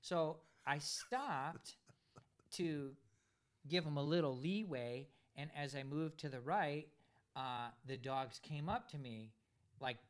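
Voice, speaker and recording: Animated man telling a story. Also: a little high, slow pace, clear, resonant tone. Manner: animated storyteller, acts out voices of others. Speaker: podcast co-host, pilot. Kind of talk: casual storytelling chat.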